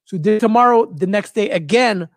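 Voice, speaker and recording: Man, high voice, dry close sound, animated storyteller. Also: fast, dry recording. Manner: searches for words, repeats phrases, animated retelling. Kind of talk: casual storytelling.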